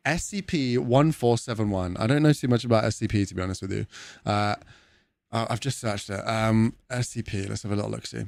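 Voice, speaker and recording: A man's voice: mid-range voice, gravelly, a little mellow, no echo, studio quality. A young man with a British accent chatting casually with viewers on a live stream, swearing freely and laughing often. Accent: British English.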